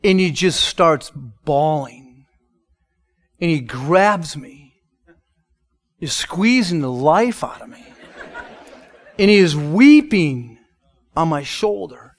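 Pastor, Midwestern man, high-pitched, emotional sermon delivery with sudden hushed moments. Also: animated, takes it slowly, pauses often. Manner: emotional, swings from loud emphatic lines to hushed soft ones. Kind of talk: sermon with a personal testimony.

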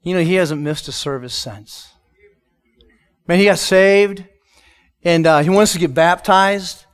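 High-voiced emotional Midwestern pastor. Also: male voice, measured pace, clean tone. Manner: emotional, swings from loud emphatic lines to hushed soft ones. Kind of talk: sermon with a personal testimony.

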